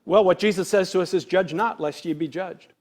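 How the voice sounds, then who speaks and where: A man, a pastor, preaching an earnest, conversational sermon full of rhetorical questions, acting out quoted voices with big swings in loudness. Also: high voice, brisk.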